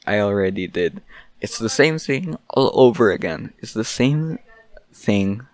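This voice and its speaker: A man's voice: fairly low pitch, expressive, measured pace. A young man hosting his own podcast, rambling through a mock-angry, joking rant. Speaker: podcast host. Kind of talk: solo casual podcast rant.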